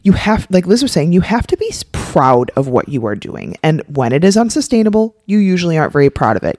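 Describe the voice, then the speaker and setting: A woman's voice: low voice, sing-song, quick pace, hardly any pauses, a little mellow, no echo, studio quality. A woman co-hosting a podcast, talking emphatically and casually, with lots of filler "like"s. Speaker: podcast co-host. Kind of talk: casual coaching chat.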